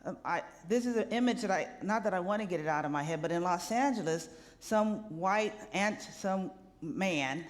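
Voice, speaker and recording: A woman minister giving a lively, conversational sermon, often checking in with the congregation with a quick "right?". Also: on the low side. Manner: animated, conversational preaching with rhetorical "right?" asides. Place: church sanctuary. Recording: long hall reverb.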